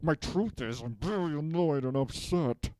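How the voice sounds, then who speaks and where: A sulky, resentful villain whines that he has been unmasked, as a man acts him out. He rambles, keeps tagging "okay?" onto his complaints, and speaks in a warm, mellow voice in a comedic self-tape monologue. The sound is close and dry. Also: a little high, lively intonation, normal speed, dry recording, lightly acted. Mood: whiny, aggrieved.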